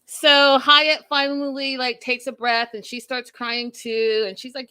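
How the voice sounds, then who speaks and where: Woman, live recap host, opinionated, animated, talks to the chat. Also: sits high, measured pace, few pauses, clear, resonant tone. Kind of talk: live show recap and review.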